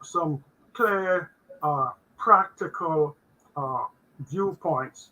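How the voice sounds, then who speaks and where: An older man with a raspy, bright voice and a rather high pitch talks slowly. He halts often, with fillers and restarts, as he gives a faith-based money talk over a video call. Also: rough recording. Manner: halting, many fillers and restarts. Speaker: guest accountant.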